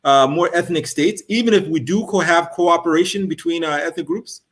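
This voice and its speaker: A man hosting an interview, asking long, measured, thoughtful questions. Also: a little high. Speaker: host.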